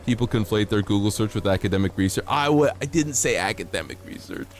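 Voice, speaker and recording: A man streams a game while chatting casually and playfully with his chat, teasing, acting mock-outraged, and laughing often. His voice is lowish, expressive, and fast.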